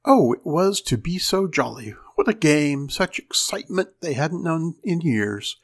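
A male host reads a story aloud with lively, expressive storytelling. His voice has a gravelly rasp. His pitch moves up and down with the action. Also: a little slow. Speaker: host and reader.

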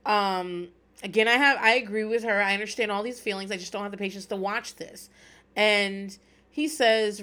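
A middle-aged woman hosting a casual chat, talking in an animated, rambling way with plenty of swearing and laughter. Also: mid-range voice, fairly quick. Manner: animated, profane, laughs often, rambling asides. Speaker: podcast host recapping reality TV.

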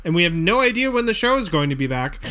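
Man, podcast co-host, high bright voice, deadpan jokes. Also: quick pace, clean tone. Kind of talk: casual chat.

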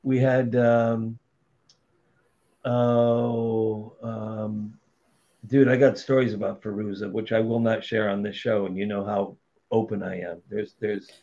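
Speaking slowly in a fairly low voice, a middle-aged man guests on a podcast and tells animated, blunt, foul-mouthed stories about his career. It's casual storytelling, captured with a dull lo-fi sound.

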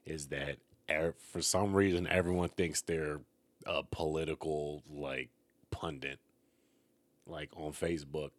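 A man's voice: a bass voice, steady tone, a little slow, no room sound. A man, a comedian, co-hosting a casual podcast chat, joking and riffing with frequent profanity.

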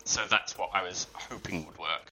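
A man's voice: low-pitched, moderate pace, a crowd in the background, poor audio. A man playing a tabletop game, calling out his dice rolls with many hesitant ums. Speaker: player.

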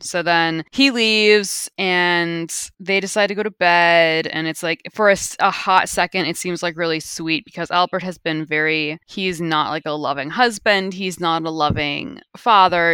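A woman talks through a movie plot in a loose, sarcastic way, swearing and tossing in wry asides. Her voice sits a little low but rings bright and smooth. The sound is dry and close. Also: no echo. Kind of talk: casual movie recap chat.

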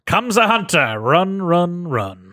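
In a bone-dry sound, a man doing a cheeky mock-Australian bloke rolls his slang around with a bouncy, swooping delivery. The voice sits a touch high and laughs its way through the lines. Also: big pitch swings, takes it slowly, bright, forceful tone, dry recording, full character voice. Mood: sing-song reading. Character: jokey exaggerated Australian bloke, adult man. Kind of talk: podcast banter.

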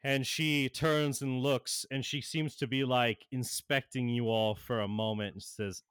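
A man's voice: medium pitch, fairly even intonation, measured pace, hardly any pauses, a bit bright, clear, resonant tone, dry recording, clean studio sound. A young man narrating an online tabletop game as game master, rambling with many fillers.

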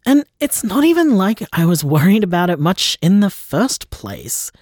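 A man's voice: high-pitched, sing-song, moderate pace, a little mellow, no echo, studio quality. A man acting a young man who has been hurt by his parents. He sounds shaky and unsure of himself, and he trails off into whispers. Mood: hurt, upset. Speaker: estranged son confiding in his partner. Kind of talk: audio drama acting.

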